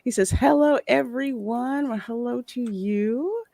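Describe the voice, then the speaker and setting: A woman's voice: on the high side, a little slow, creaky, no room sound. A woman hosting a casual livestream, greeting viewers and reading out their chat comments. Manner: warm greetings, animated. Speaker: host.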